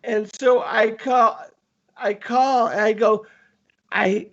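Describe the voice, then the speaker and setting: A man telling a long story in casual talk, animated and often stammering as he restarts his sentences. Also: very high voice, slow pace, dull audio.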